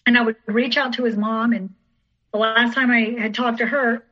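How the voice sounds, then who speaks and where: Woman, podcast guest, recounts her past in a rambling, repetitive way; fairly high voice; muffled lo-fi recording. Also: steady tone, normal speed, a bit bright. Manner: rambling, repeats herself, acts out others' lines. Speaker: teacher. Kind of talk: personal storytelling in an interview. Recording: dull lo-fi recording.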